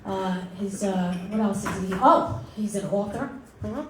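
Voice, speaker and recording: A woman's voice: mid-range voice, a little slow, very noisy. A middle-aged woman doing a brash, self-mocking stand-up set in a comedy club. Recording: echoey club with audience laughter.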